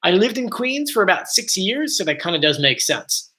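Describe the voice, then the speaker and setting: A man's voice: high-pitched, sing-song, moderate pace, sharp tone. A man with a South Jersey and Philadelphia accent, chatting casually on a live stream and rambling as he reads out viewer comments.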